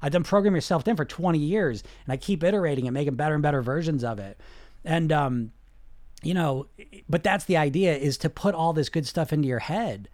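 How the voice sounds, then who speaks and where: A man's voice: a little fast, no echo, studio quality. A man who coaches weight loss through hypnosis, talking casually and emphatically, often checking in with "you know". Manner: emphatic, conversational, keeps asking "you know"; swings from loud and high to low and quiet. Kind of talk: casual motivational talk.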